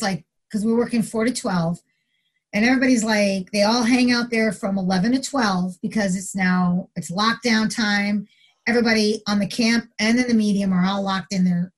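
A middle-aged woman, a retired corrections officer, telling a story casually in an interview and acting out the quotes. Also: moderate pace. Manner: animated storyteller, acts out quotes with big pitch jumps.

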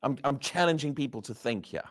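A man preaching a sermon, asking the crowd rhetorical questions and dropping from loud emphasis to hushed words. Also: medium pitch, expressive, brisk.

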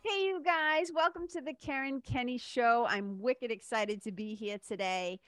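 A woman's voice: on the high side, normal speed, loud music behind the voice. A woman hosting her own podcast, talking in a chatty, enthusiastic way and laughing often. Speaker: podcast host. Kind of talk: casual solo podcast monologue.

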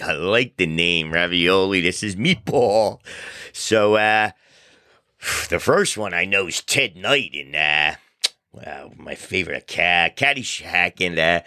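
Deep-voiced, forceful man hosting a podcast. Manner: chatty, loose, self-deprecating storyteller. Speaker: podcast host. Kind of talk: casual talk show monologue.

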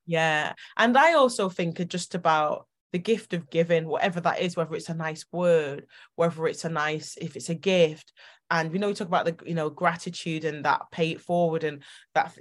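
A woman hosting a podcast, telling personal stories in an animated, emotional way with quick bursts of speech. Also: on the low side. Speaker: podcast host. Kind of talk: casual interview chat.

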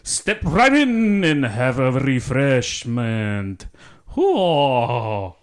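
A man's voice: mid-range voice, sing-song, very slow, clean tone, pitched above the performer's own voice. A man voicing a host character in an exaggerated, over-the-top way. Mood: overdone. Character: overeager male party host, cartoonish.

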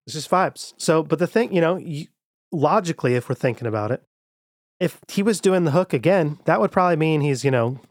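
A man in casual comedy chat, walking through a song's lyrics line by line and crooning snatches of them. His voice sits a little high for a man. The sound is close and dry, with no room around it. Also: lively intonation, brisk, no room sound. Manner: talks lyrics through and half-sings them, laughing. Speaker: podcast co-host.

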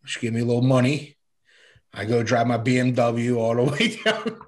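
A man recounting his past in loose, casual conversation. His voice sits at an ordinary middle pitch and stays plain. He wanders through the telling with lots of fillers, restarts and the odd curse. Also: fairly even intonation, moderate pace. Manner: rambling, filler-heavy, frequent restarts and swearing. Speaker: guest sharing his recovery story. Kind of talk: casual personal storytelling.

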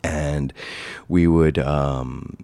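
A man's voice: a bass voice, extremely slow, no room sound. A man from New York, a comic book dealer, telling his own story in a rambling, casual way with many restarts. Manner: rambling, many restarts, animated when recalling.

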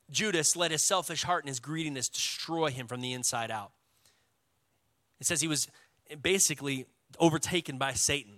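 A man with a Texan accent, a pastor preaching a sermon in a lively, casual way with call-and-response. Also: mid-range voice, no echo.

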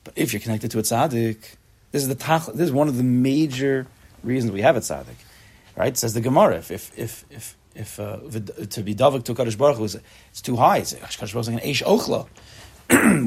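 Husky fast-talking rabbi teaching a class. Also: male voice, mid-range voice. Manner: quick, animated, chatty with students. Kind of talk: informal Torah class.

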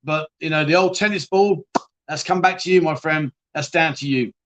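This man talks at a normal speed in a slightly bright voice that sits a little higher than most men's. He hosts a casual, rambling live-stream chat show, blunt and chatty, swearing freely and frequently restarting mid-sentence as he responds to viewers.

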